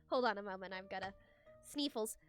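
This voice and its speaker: A woman's voice: mid-range voice, no echo. A young woman streaming a game, chatting casually with her viewers and giggling often as she gushes her thanks.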